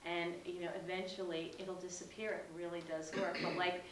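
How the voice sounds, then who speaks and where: A woman at a workshop quietly and earnestly telling a personal story to the group, with a wry joke now and then. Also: fairly low pitch, flat delivery, fairly quick. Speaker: workshop participant. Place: room at a workshop. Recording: roomy, distant, faint hiss.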